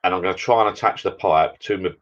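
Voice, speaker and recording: A British man with a British English accent hosts a casual livestream, rambling chattily to viewers while drinking beer. His low voice moves fast, and the audio sounds dull.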